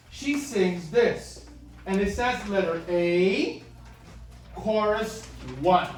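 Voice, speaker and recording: A woman directing a choir rehearsal, explaining parts patiently and switching between English and Spanish. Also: a little high. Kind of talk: rehearsal instruction. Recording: echoey room, far from the mic, chatter behind.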